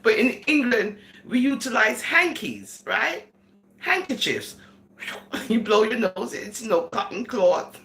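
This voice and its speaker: A woman chatting in a casual commentary vlog, giggling often and slipping into Caribbean-style phrasing. Her voice is bright and gravelly, and her pitch swings widely. She sounds like she is in an echoey room. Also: lively intonation, takes it slowly. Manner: giggly, laughs between sentences. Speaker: vlogger.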